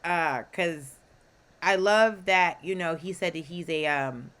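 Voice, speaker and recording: A woman's voice: fairly low pitch, takes it slowly, fairly bright tone. A woman co-hosting a podcast in casual chat, telling stories with playful asides. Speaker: podcast co-host. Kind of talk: casual chat recapping a drama.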